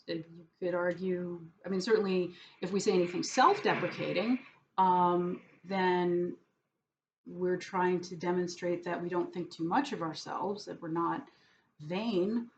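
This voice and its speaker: A woman muses slowly and hesitantly, trailing off into fillers and restarting her thoughts. Her wit is dry and self-mocking. The audio is dull and lo-fi, with a faint hiss of background noise underneath. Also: on the low side, steady tone. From New York. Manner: wry, self-deprecating sarcasm. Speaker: vlogger. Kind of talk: casual rambling monologue.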